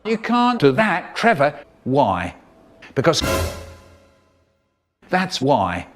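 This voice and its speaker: A man telling comic stories in a playful, animated way, full of sudden vocal swings. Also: a little high, extremely slow, soft background music. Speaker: storyteller. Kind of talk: spliced comic storytelling clips.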